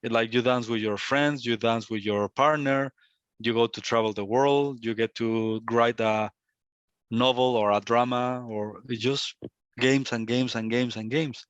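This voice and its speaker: A man's voice: mid-range voice, fairly even intonation, measured pace, fairly bright tone, clear, resonant tone, no room sound. A man giving a reflective satsang talk as a spiritual teacher, repeating and circling back on his phrases. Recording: dull, lo-fi, dry.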